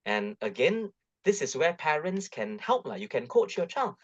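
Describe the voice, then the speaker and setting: A middle-aged man with a Malaysian English accent gives a webinar talk on parenting, coaxing and lively, full of tag questions. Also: a little high, normal speed, husky. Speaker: guest speaker. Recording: dull lo-fi webinar audio.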